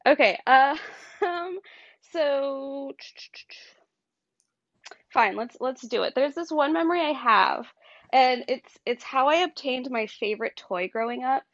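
A woman's voice: sits high, animated, slow, pauses often, a bit bright, no echo, muffled recording. A woman in her thirties, a guest in a casual chat, rambling through a story with plenty of fillers and giggles. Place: on her bed.

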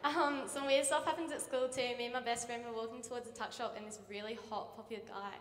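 A teenage Australian girl doing stand-up comedy, telling chatty stories with quick impressions on a big theatre stage. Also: fairly high pitch, fairly even intonation, distant mic. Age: teens. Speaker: student comedian. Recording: echoey theatre, long reverb, faint noise.

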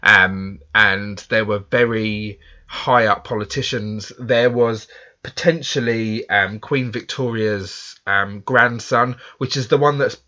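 Chatty English man, bright and casual. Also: fairly low pitch, steady tone, slow pace, highs cut off. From England. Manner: chatty, self-deprecating, many fillers. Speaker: podcast host. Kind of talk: casual chat.

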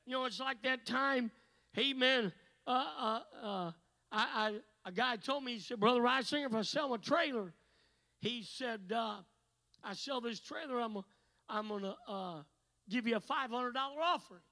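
Revival preacher, man, very high bright voice, hushed asides then shouting. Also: normal speed, poor audio. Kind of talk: revival sermon.

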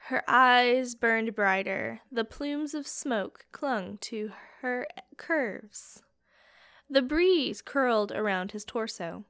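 A woman narrating a fantasy audiobook in a slow, measured, dramatic way. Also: a little high, animated, a bit bright, clear, resonant tone.

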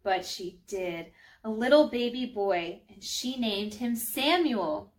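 A woman's voice: medium pitch, expressive, slow pace. A woman doing a playful female guide. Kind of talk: children's storybook reading.

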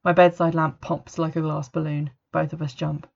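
A woman reading a first-person story as narrator, in a steady, even manner, on a dull lo-fi recording. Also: deep voice, normal speed, vocal fry, few pauses. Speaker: audiobook narrator.

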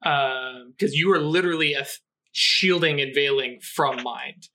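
A man's voice: mid-range voice, measured pace, sharp tone, a little hiss or hum. A man running a tabletop game as game master, explaining rules with many fillers and restarts.

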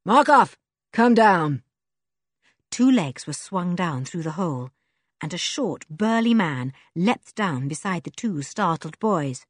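A woman narrating a children's adventure audiobook with expressive storytelling. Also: lowish voice, a little slow, no room sound, studio quality.

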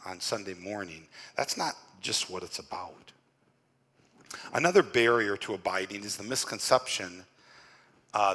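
A man's voice: on the low side, sharp tone, husky, in a large hall. A male pastor giving a conversational sermon in church, often repeating words and dropping in "you know". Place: church during a worship service.

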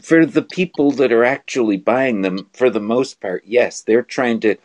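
A man's voice: medium pitch, normal speed, a little mellow. A man in a casual livestream chat, playful and jokey, spinning silly scenarios.

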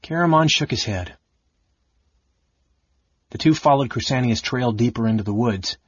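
Husky male audiobook narrator. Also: medium pitch, animated, moderate pace, no room sound, lo-fi sound. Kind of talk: scripted narration.

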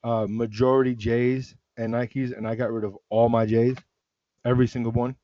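A man hosting a casual sneaker chat, relaxed and rambling, often restarting his sentences. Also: medium pitch, normal speed, no room sound, dull audio. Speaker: sneaker podcast host.

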